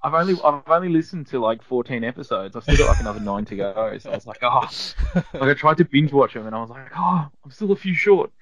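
A man's voice: medium pitch, lively intonation, fast talker, a bit bright, dull audio. A man appearing as a podcast guest, speaking in rambling, hesitant casual chat full of restarts.

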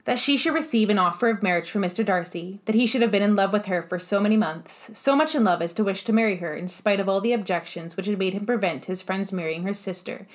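A woman narrating a period novel in a measured, expressive reading voice. Her pitch is middling for a woman, neither high nor low. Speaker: audiobook narrator. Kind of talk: scripted narration.

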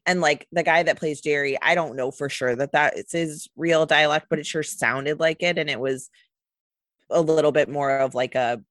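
Mid-pitched podcast co-host, dry sound. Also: fairly even intonation, normal speed, a bit bright, no room sound. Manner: agreeable, frequent backchannel replies. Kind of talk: casual chat.

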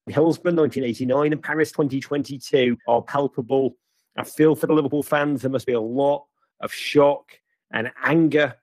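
A man's voice: on the high side, no room sound. A man hosting a football review show, giving a scripted match-review monologue in a sardonic, theatrical, wry way.

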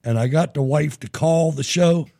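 A middle-aged man hosting a live show, telling profane, animated stories in casual chat. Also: fairly high pitch, normal speed, gravelly. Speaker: show host.

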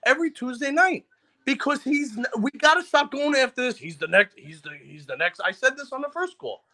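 New man, sports caller, angry profane rant, high bright voice. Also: animated. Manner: angry, profane, rapid-fire ranting. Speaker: caller on a sports talk show. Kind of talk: ranting casual chat.

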